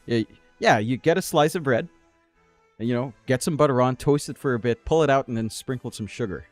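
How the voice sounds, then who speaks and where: Male esports caster, from the Philippines, joking and teasing, even mid-range voice, dry close mic. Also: medium pitch, fairly quick, dry recording, faint music behind. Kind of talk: casual chat between casters.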